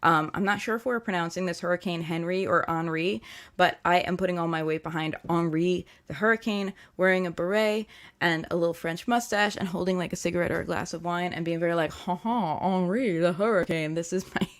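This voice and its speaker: Young woman doing a tarot livestream, kinda low voice, rambly and playful, lots of ums. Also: fairly even intonation, a little fast, a bit bright. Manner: chatty, rambling, playful, with many fillers and restarts. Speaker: tarot reader hosting a livestream. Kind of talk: casual livestream chat and tarot reading.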